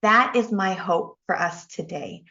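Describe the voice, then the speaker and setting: A woman coach giving a motivational talk, telling a personal story with emphatic, animated delivery. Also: mid-range voice, measured pace, highs cut off. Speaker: life coach and speaker.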